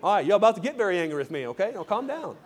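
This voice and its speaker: High-voiced emphatic male preacher. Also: very animated, racing. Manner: emphatic, repetitive, prodding the congregation. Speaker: pastor. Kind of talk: sermon. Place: church service.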